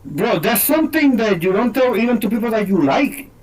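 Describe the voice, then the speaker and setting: Male co-host, high lively voice, provocative crude banter, distant mic. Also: brisk. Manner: brash, provocative, crude joker. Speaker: podcast co-host. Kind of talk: casual banter.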